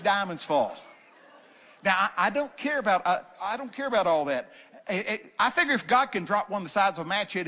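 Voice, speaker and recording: An older man preaching from the pulpit, telling folksy stories in an animated way, with joking and loud bursts. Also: high voice, slight background noise. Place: church sanctuary.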